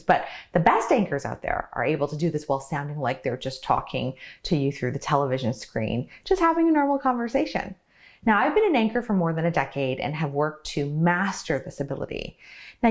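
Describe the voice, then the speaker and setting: A middle-aged woman, a public speaking coach, giving a tutorial to camera with clear, deliberate delivery and stressed key words. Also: sits low.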